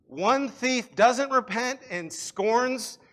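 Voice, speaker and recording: A man preaching a sermon to a congregation, swinging between loud appeals and quiet reflection. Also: very high voice, very slow. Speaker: pastor.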